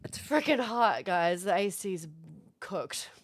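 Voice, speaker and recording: A young woman from Florida, streaming and chatting casually with viewers, animated and swearing now and then. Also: medium pitch, slow pace. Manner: animated, swearing, reads out chat. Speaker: livestreamer.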